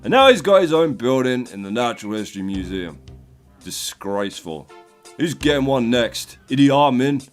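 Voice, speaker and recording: A man's voice: mid-range voice, sing-song, moderate pace, soft background music. An English man hosting a gaming video, delivering a sardonic, profane and rambling comic rant. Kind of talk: comic commentary over gameplay.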